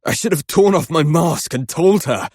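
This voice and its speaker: A man's voice: a little high, animated, normal speed, a little mellow, no echo, studio quality. An actor playing an anguished young male doctor, ranting in guilt and swearing at himself in an audiobook. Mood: guilt-ridden. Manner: swearing outbursts, self-loathing rants. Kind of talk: audiobook character acting.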